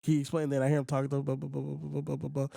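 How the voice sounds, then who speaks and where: A man hosting a podcast, telling a story in casual chat, animated and acting out other people's lines, with frequent swearing. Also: a little high, racing, gravelly, dry recording, studio quality. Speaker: podcast host.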